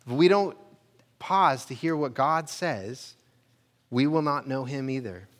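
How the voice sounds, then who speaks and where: A male pastor giving a conversational sermon, rising for emphasis on questions and dropping low and quiet on key lines. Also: a little slow.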